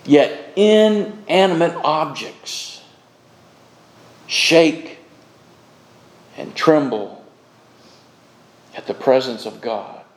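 A male pastor preaching a sermon with slow, emphatic delivery and dramatic pauses. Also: fairly high pitch, sing-song. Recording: echoey room sound.

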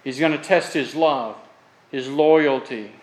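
A pastor from Florida, USA, preaches a sermon earnestly and emphatically, telling folksy stories with humor. His voice is medium-pitched and slow, and the recording quality is low.

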